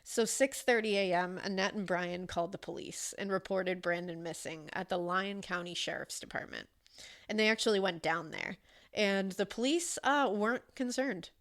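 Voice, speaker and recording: A woman co-hosting a casual true-crime podcast, telling the case in an animated way, acting out quotes and swearing casually. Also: mid-range voice, normal speed.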